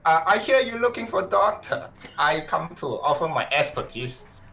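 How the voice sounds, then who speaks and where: A man's voice: a little high, big pitch swings, normal speed, vocal fry, bright, forceful tone, pitched above the performer's own voice, heavily acted. A man voicing a very old, traditional male doctor with a heavy Chinese accent, speaking in broken, clipped phrases in a tabletop role-play.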